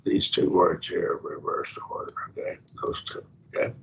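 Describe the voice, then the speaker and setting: A man teaching a Bible class, going through Greek words one by one and thinking aloud as he explains. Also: moderate pace. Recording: dull lo-fi classroom recording with faint noise.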